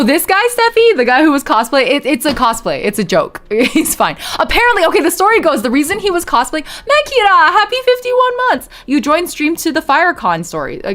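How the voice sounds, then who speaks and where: A woman's voice: sits high, fairly bright tone. A young woman streamer chatting casually with her viewers, giggling often and reading chat aloud.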